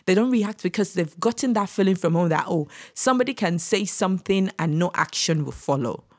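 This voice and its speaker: A woman's voice: fairly low pitch, lively intonation, a little fast, a little mellow, no room sound, studio quality. A woman, talking through parenting in an earnest, emphatic way, often repeating her points. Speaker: parenting guest. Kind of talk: casual podcast discussion.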